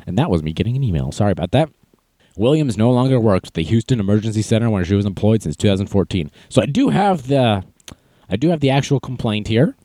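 A young man hosts a podcast, telling stories in a casual, self-mocking way. His pitch swings widely as he talks, and he jumps into a high voice to act out quotes. The sound is dry and close. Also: animated, a little fast, mellow, no room sound. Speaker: podcast host. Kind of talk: casual storytelling monologue.

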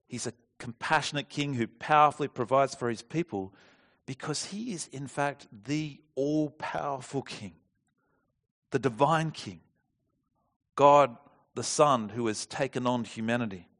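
A man's voice: mid-range voice, unhurried, fairly bright tone. A man preaching a sermon, earnest and expository, asking the listeners questions and sometimes restarting a phrase.

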